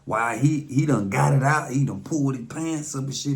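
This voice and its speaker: A man with an Atlanta Southern accent telling a first-hand story casually, profane and loose, acting out quotes with lively voices. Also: on the high side, brisk, hardly any pauses. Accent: Southern American, Atlanta.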